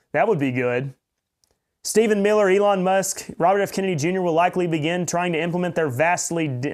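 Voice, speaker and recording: A podcast host with a voice a bit higher than most men, reading news aloud and cutting in with sarcastic, mocking remarks. He stumbles and restarts often, repeating words as he goes. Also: darkish tone. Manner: sarcastic, mocking asides with laughs.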